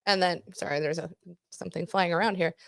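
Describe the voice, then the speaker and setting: A woman co-hosting a casual podcast, chatty and quick to laugh. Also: on the low side, fairly even intonation, gravelly, fairly bright tone, no echo, clean studio sound. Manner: giggly, chatty, laughs often. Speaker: podcast co-host. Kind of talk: casual chat.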